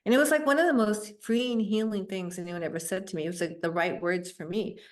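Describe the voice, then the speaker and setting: A middle-aged woman, a guest on a show, telling her personal story in an earnest, reflective way, with soft laughs and fillers. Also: medium pitch, brisk.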